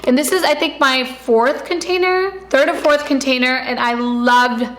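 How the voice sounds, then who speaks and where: A woman's voice: high-pitched, steady tone, normal speed, a bit bright. A pregnant young woman chatting casually about products she uses, filling her talk with likes and ums. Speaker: vlogger. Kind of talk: casual product review chat. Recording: echoey room.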